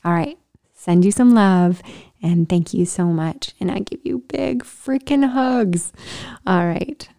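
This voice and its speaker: A middle-aged woman tells her own story straight to camera with plenty of life, laughing often and sinking into a whisper to drive a point home. Her voice is dark and mellow rather than bright, and she sounds at ease the whole time. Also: mid-range voice, slow pace, vocal fry. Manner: animated, laughing, drops into whispers for emphasis. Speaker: vlogger. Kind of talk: personal storytelling vlog.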